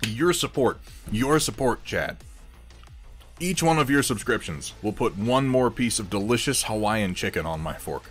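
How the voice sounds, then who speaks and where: A man's voice: on the low side, lively intonation, normal speed, soft background music. A man hosting a casual livestream, chatting wryly with viewers in a rambling way while he eats and paints miniatures.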